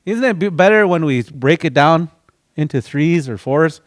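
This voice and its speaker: A man's voice: a little high, animated, moderate pace. A man teaching a language class, patiently repeating words and breaking them into syllables for his students.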